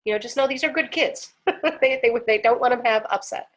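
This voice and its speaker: Woman, higher pitch, earnest, animated, casual teaching talk, laughs often. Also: a little fast. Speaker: personal growth teacher. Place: home, pool outside her patio.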